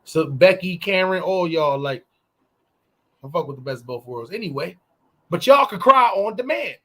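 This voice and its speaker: A man co-hosting a podcast, telling stories in loose, profane casual chat and breaking into shouted impressions. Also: sits high, animated, moderate pace. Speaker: podcast co-host.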